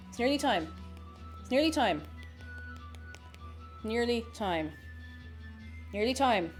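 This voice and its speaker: A woman's voice: a little high, expressive, slow, pauses often, faint music behind. An Irish woman streaming live as she bakes, chatting in a rambling way and greeting viewers from chat. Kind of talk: casual chat while baking on stream.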